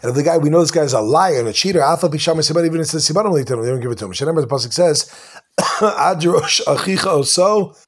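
A man teaching a casual Talmud class, quickly translating the text line by line with asides. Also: on the high side, expressive.

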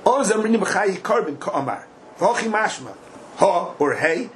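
A man leads a Talmud lesson, slipping into an animated sing-song whenever he quotes the text. His voice sits a little high for a man, and a faint hiss of room noise runs underneath. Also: moderate pace, rough recording. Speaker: Talmud teacher. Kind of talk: Talmud class lecture.

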